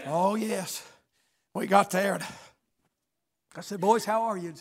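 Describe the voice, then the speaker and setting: A man preaching a sermon, swinging between shouted, chanted lines and hushed storytelling. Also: high-pitched, fairly even intonation, unhurried.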